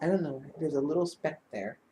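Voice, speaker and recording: A woman vlogger telling a story in a casual, animated way and laughing as she talks. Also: sits low, a little fast, slight background noise.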